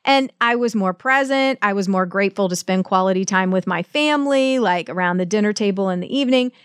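Upbeat woman podcast host, smooth voice. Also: on the high side, no room sound, studio quality. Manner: emphatic, motivational, direct. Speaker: podcast host and business coach. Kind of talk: solo podcast monologue.

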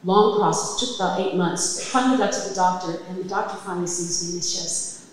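A middle-aged woman telling a personal story on a comedy club stage, emphatic and impassioned, building to loud peaks. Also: on the low side, brisk. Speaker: storyteller at a live event. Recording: distant mic, echoey hall reverb, faint noise.

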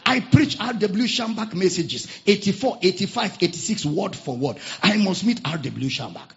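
A male pastor preaching a sermon, telling stories dramatically and swinging from shouts to hushed tones. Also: high voice, lively intonation, normal speed, vocal fry. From Nigeria. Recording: dull lo-fi sermon recording.

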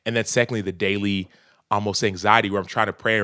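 A man's voice: on the low side, steady tone, fast, sharp tone, no echo, clean studio sound. A man in his thirties, a podcast guest talking earnestly and reflectively in casual conversation, often breaking into laughs.

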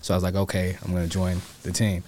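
Lively man telling stories. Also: low voice, fast, a little hiss or hum. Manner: animated, acts out quotes in a raised voice. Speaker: real estate agent guest. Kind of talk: casual storytelling interview.

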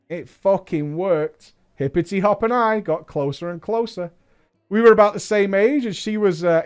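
Animated man with a lively high voice. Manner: animated, mocking asides, swears. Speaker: podcast host reading a listener story. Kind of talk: comedic story reading with commentary.

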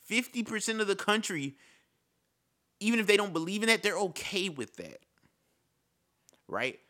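A man's voice: sits high, expressive, moderate pace, sharp tone. A man giving an impassioned casual monologue, repeating his points and calling the listener "bro". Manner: impassioned, repetitive, says "bro".

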